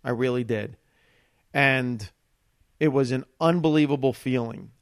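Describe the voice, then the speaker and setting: A man, a stand-up comedian, telling a long anecdote in a casual, animated way, with pauses and acted-out quotes. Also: medium pitch, creaky, dry recording, studio quality. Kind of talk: casual storytelling.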